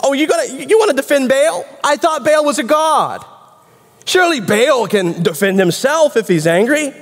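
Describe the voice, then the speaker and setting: A man's voice: very high-pitched, lively intonation, moderate pace, voice pushed up. A man doing a sarcastic, taunting old father. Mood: mocking. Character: scornful ancient father mocking a crowd. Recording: reverberant hall.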